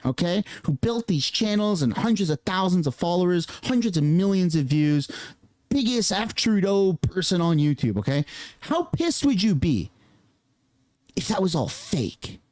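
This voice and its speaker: A man hosting a casual political commentary rant, swearing and mocking other people with quick impressions. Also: high-pitched, darkish tone, no echo.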